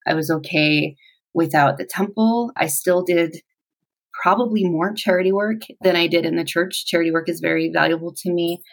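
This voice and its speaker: Low, gravelly-voiced woman telling her story. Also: rough recording. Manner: reflective, halting, with pauses. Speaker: interviewee. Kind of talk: personal story in an interview.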